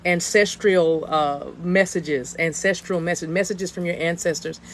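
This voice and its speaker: This spiritual reader speaks in a lowish, fairly even voice at an unhurried pace, with a faint hiss or hum in the background. She hosts a livestreamed reading from her outdoor deck, talking casually, repeating phrases and dropping into chanted light language.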